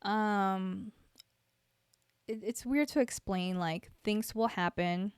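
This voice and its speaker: On her solo podcast, a young woman speaks slowly in a smooth, clear, mid-range voice, recorded dry and close with no room around it. As host she rambles reflectively in casual talk, circling back with fillers and restarts.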